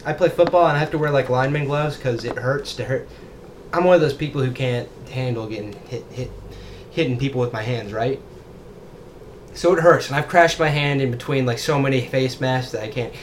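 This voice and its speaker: A man's voice: medium pitch, brisk. A teenage man chatting and joking casually on a podcast. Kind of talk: casual chat. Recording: faint background hiss.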